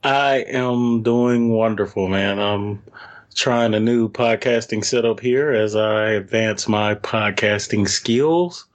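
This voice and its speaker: A man co-hosting a fan podcast, relaxed and enthusiastic in casual chat. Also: lowish voice, slow. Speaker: podcast co-host.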